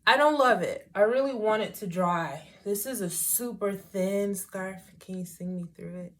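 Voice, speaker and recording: A woman's voice: mid-range voice, normal speed. A middle-aged woman talking casually through a hair tutorial, rambling with wry asides to herself. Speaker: hair vlogger.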